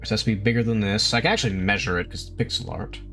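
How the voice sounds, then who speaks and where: A man's voice: lowish voice, very fast, vocal fry, sharp tone, faint music behind. A man streaming live, chatting casually while he draws. He rambles, laughs often and swears freely.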